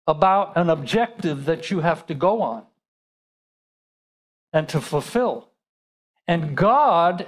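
Male pastor, high voice, chatty sermon delivery with questions to the congregation. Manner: conversational preaching with rhetorical questions.

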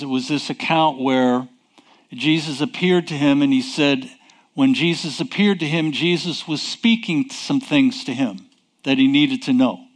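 Man, preacher, sermon, very slow delivery, emphatic, rhetorical questions. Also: mid-range voice.

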